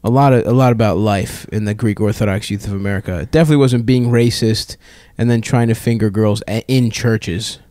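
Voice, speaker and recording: A man's voice: on the low side, fairly even intonation, fairly quick, hardly any pauses, warm tone, no echo, clean studio sound. A man from Baltimore, co-hosting a podcast, telling rambling stories and laughing at his own jokes. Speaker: podcast co-host. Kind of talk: casual comedy chat.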